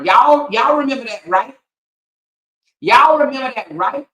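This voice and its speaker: A woman's voice: high voice, expressive, unhurried, pauses often, a bit bright, echoey room, low-quality recording. A woman hosting her own show, delivering a heated commentary rant with blunt, profane language and repeated points for emphasis. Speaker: commentary host.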